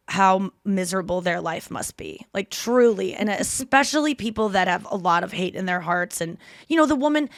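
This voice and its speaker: A woman hosting a podcast, telling stories in casual chat with quick asides and self-corrections. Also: medium pitch, a bit bright, dry recording, studio quality. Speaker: podcast host.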